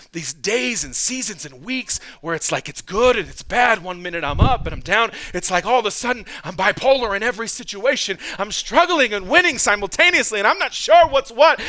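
A man in his thirties preaching a sermon as pastor, swinging from loud, impassioned lines to quiet, conversational asides. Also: high-pitched.

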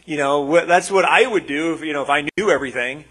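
A man delivers a conversational sermon with earnest feeling, often restarting and adding asides. His voice sits a little high and has a husky grain. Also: quick pace, fairly bright tone. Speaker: preacher.

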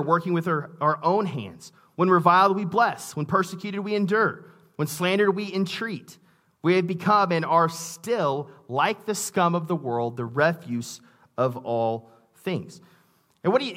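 Conversational male preacher, slightly high voice. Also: a bit bright. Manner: conversational preaching with frequent restarts and asides; reads scripture aloud with emphasis. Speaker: pastor. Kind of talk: sermon.

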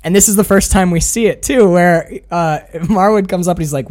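A man's voice: high-pitched, brisk, darkish tone. A man co-hosting a casual film podcast, talking animatedly, swearing and acting out quoted lines. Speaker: podcast co-host.

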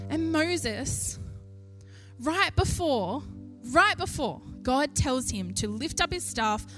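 High-voiced woman preaching a sermon. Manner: animated, rising with emphasis, laughs between points.

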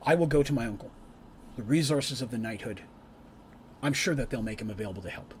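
An earnest young knight of a holy order, as a man puts him on, speaking stiffly and formally with plenty of lift and fall in his voice. He is loyal and steady, a tabletop hero in a spoken recap. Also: medium pitch, a little fast, slight background noise, natural voice. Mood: resolute.

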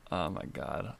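A man's voice: low-pitched, vocal fry, breathy edge, no echo. A man in casual, playful chat, often laughing as he reads slang terms aloud.

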